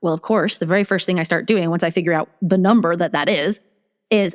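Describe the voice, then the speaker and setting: A fairly low-pitched woman speaks quickly, her words carrying a long reverb tail. The guest, a business strategist, animatedly tells her story on a casual interview and acts out the dialogue in her head.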